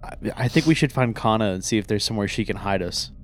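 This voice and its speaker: A woman's voice: very deep voice, lively intonation, fast talker, soft background music. A young woman playing a character at a tabletop game, exasperated and trying to talk sense into the group. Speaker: player. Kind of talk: in-character tabletop role-play.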